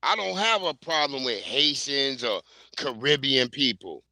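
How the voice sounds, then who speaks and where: A middle-aged New York man hosts a livestream, delivering a blunt, heated, profane rant as casual commentary. His mid-range voice is expressive, pushed and bright, moving at a measured pace with no room sound.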